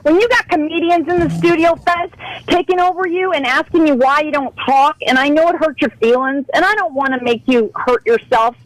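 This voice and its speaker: A woman's voice: high voice, brisk, dry recording, poor audio. A woman calling into a radio show, passionate and pleading as she scolds the host. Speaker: radio caller. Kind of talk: heated radio call-in.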